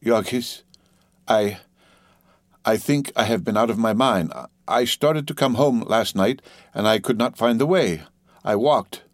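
A man voicing a frightened young wife in an audiobook, halting and breathless. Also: fairly low pitch, no echo, studio quality, close to an everyday voice.

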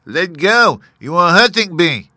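A man's voice: mid-range voice, normal speed, sharp tone, dry recording, clean studio sound, lightly acted. A man voicing a polite, curious young male elephant calf in a storybook reading. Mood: pained. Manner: very polite, plaintive.

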